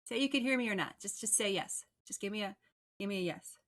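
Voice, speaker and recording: A woman hosting a casual livestream interview show, chatty and bubbly and quick to laugh. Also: mid-range voice, fairly bright tone. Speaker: host.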